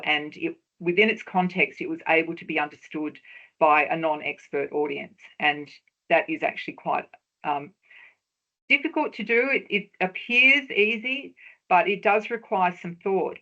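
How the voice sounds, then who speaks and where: A woman presenting a webinar lecture on research talks, measured and explanatory, stressing key words for emphasis. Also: fairly low pitch, fairly bright tone, dull audio.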